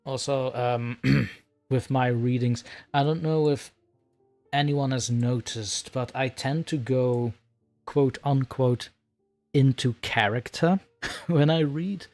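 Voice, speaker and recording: A man in a casual livestream chat, rambling and chatty and quick to laugh. His voice sits at an ordinary middle pitch, with faint music in the background. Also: darkish tone. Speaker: livestream host and story narrator.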